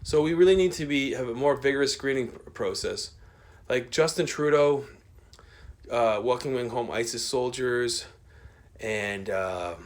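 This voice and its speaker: A man talking in a rambling, profane monologue rant. He is full of filler words and swings between loud outbursts and low mutters. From Canada.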